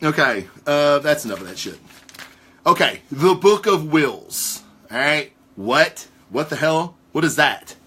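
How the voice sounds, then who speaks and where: A man hosting a casual talk show, rambling through theories with live viewers in a profane, excitable way. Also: a little high, a little slow, husky. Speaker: podcast host.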